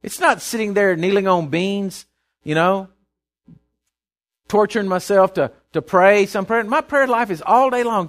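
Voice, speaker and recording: A male pastor preaching a sermon, swinging from loud declaring to low confiding asides and calling out to the congregation in a folksy way. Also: unhurried. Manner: folksy and conversational, calls out to the congregation.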